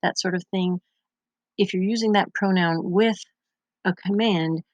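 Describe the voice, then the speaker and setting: A woman's voice: fairly low pitch, steady tone, a little slow, no room sound, dull audio. A Spanish teacher, a young woman, patiently explaining grammar step by step over her slides in a recorded lesson. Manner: patient, methodical explaining with examples.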